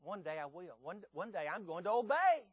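A man's voice: high-pitched, very animated, a little fast, slightly rough, dry recording, heavily acted. A preacher voicing a friendly farmer who keeps promising he will join the church one day. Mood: amiable hedging.

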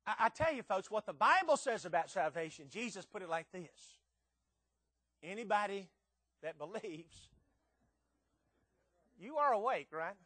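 Emphatic high-voiced male preacher. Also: sing-song, unhurried, long pauses, no room sound. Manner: emphatic, rising to loud peaks with rhetorical questions; stammers and repeats words. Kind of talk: sermon.

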